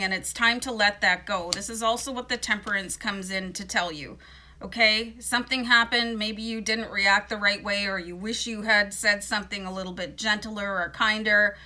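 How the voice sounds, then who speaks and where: A woman's voice: mid-range voice, bright, forceful tone. A woman with a morning voice giving a casual, chatty tarot card reading, reassuring and full of fillers. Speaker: tarot reader.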